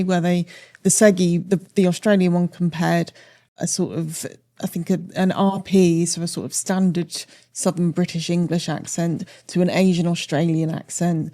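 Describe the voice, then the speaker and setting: A woman's voice: on the low side, level tone, moderate pace, warm tone. A woman co-hosting a podcast interview, asking questions in a hesitant manner, searching for words. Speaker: podcast co-host.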